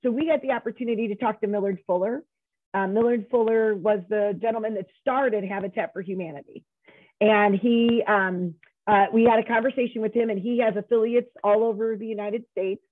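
This interview guest, a middle-aged woman who founded a nonprofit, speaks briskly in a steady, mid-range voice. She narrates her story with emphasis and frequent restarts over a tinny, dry phone line with no room sound.

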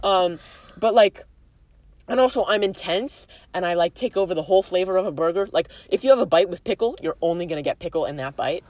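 A woman's voice: on the low side, animated, a little fast, a little mellow, dry recording. A young woman co-hosting a casual podcast with a friend, goofy and jokey, full of fillers and pop-culture references. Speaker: podcast co-host. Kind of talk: casual chat between friends.

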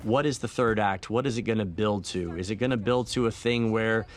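A man, a film director, talking through his movie in a relaxed, reflective audio commentary, with many fillers and restarts. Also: on the low side, brisk. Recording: faint film soundtrack music underneath.

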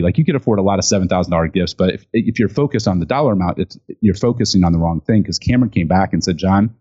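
A man telling a story in an interview, animated and chatty, acting out other people's lines with lots of fillers. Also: low-pitched, slightly rough. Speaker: guest, speaker and author on gifting. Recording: dull lo-fi sound.

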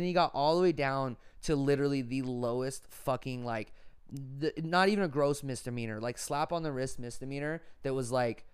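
A man's voice: mid-range voice, moderate pace, clear, resonant tone. A man hosting a podcast, telling a story in casual, laid-back chat and swearing freely. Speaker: podcast host.

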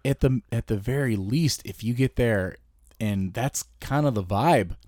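A man's voice: medium pitch, a little mellow, dry recording, clean studio sound. A man co-hosting a podcast who runs tabletop games, chatting in a playful way. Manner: playful, with quick agreeing interjections. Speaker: podcast co-host and game master. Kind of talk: casual chat.

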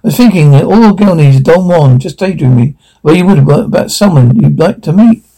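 A shaken young woman officer, earnest and unsteady, as a man reads her lines in his own gravelly, mellow voice. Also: fairly high pitch, expressive, brisk, poor audio.

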